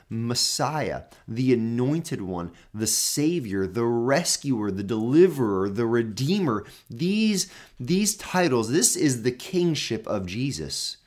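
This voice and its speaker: A man preaching a sermon, emphatic and repetitive, building his phrases up and then dropping low. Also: darkish tone.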